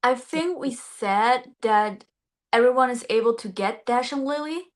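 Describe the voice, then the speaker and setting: A woman in a book club livestream, talking casually in a measured, matter-of-fact way. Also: a little high.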